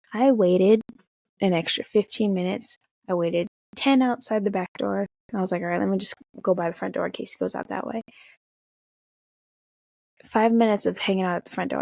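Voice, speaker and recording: A young woman casually telling an excited, swear-filled story, jumping high in pitch when she quotes herself. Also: gravelly, no echo. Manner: excited, swearing, talks fast with big pitch jumps when quoting. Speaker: vlogger.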